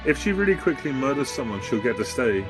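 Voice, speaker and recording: A man's voice: mid-range voice, sing-song, fast, music in the background. A man guesting on a podcast, joking sardonically in a casual chat. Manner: sardonic, jokey.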